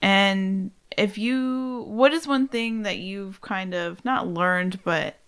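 Young woman host, smooth clear voice, casual chat, keeps asking curious follow-ups. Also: mid-range voice, slow pace, a bit bright. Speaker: podcast host.

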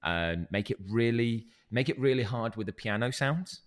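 A man's voice: mid-range voice, lively intonation, moderate pace. A man co-hosting a channel, bragging jokingly in casual banter with friends. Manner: boastful, joking. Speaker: co-host.

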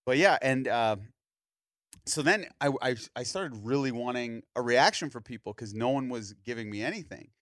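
A man in his thirties tells a story on a podcast in a casual, chatty way and slips into the voices of the people he describes. His pitch swings widely as he talks. The recording is close and dry. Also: moderate pace, dry recording. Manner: animated storyteller, acts out other people's lines. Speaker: podcast host.

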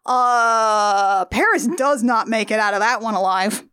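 A woman's voice: fairly high pitch, a little slow, clear, resonant tone, dry recording, studio quality. A woman co-hosting a comedy podcast, retelling a story casually with sarcastic asides. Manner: sarcastic, animated, acts out characters in quotes. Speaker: podcast co-host.

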